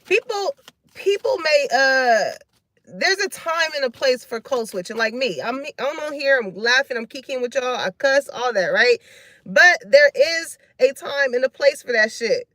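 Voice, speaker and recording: A woman's voice: sits high, expressive, measured pace, pushed and bright, no room sound. Laughing, slangy woman giving a live reading. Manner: loose, slangy and frank, laughing often, cussing freely. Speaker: tarot reader. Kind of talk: live reading chatting with viewers.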